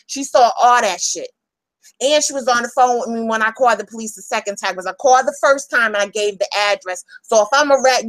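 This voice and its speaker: Heated woman going off, lots of swearing, high voice, dry close sound. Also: no room sound, low-quality recording. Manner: angry, profane, emphatic, repeats herself. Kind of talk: heated ranting.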